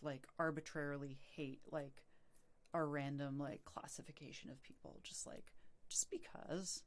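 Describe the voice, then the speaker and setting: Low-voiced woman rambling on stream. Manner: rambling, many fillers and restarts, swearing. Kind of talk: casual rambling stream chat.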